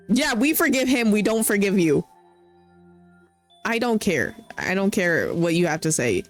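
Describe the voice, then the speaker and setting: A woman's voice: medium pitch, big pitch swings, unhurried, faint music behind. A young woman streaming a game, reacting emotionally and talking back to the characters. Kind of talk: live game commentary.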